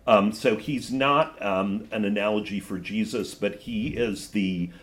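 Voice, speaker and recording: A man's voice: fairly low pitch, measured pace. A man reading a story aloud to a class and then explaining it with thoughtful asides. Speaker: teacher.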